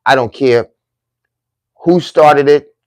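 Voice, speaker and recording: A man's voice: medium pitch, takes it slowly, no echo. Middle-aged man, preachy and emphatic, repetitive phrasing, dry close recording. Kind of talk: heartfelt monologue to viewers.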